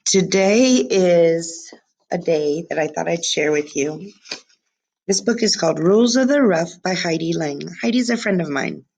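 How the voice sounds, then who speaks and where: A woman teacher reads a book aloud to her class through a webcam and drops chatty remarks in between. Her voice sits a little low, and the sound is plain home webcam audio. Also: a little slow, darkish tone. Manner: chatty asides to students.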